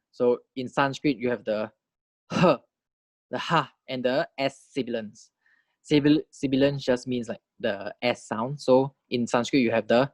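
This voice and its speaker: A man teaching a phonetics lesson, explaining consonant types in a patient, explanatory way, demonstrating sounds slowly and checking in with "right?" and "okay". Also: medium pitch, no room sound. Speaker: language teacher. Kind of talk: phonetics lecture.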